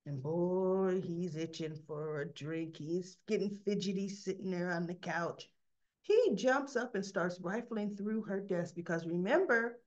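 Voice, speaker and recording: A woman's voice: medium pitch, darkish tone. Chatty woman retelling a soap, lo-fi audio. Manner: chatty, narrates with constant "he goes, she goes". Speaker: soap opera recap host. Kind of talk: casual storytelling recap.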